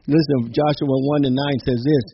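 A man's voice: medium pitch, highs cut off, a little hiss or hum. A man preaching an informal, exuberant sermon, peppering his talk with amens and little laughs.

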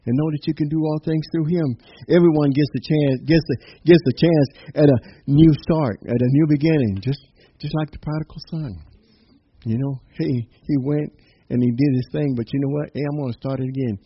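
A man's voice: a little high, fairly even intonation, brisk, breathy edge. A man preaching a sermon who keeps dropping in "amen" and "hallelujah" and often repeats or restarts his words. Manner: punctuates phrases with "amen" and "hallelujah". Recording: dull muffled recording with faint noise.

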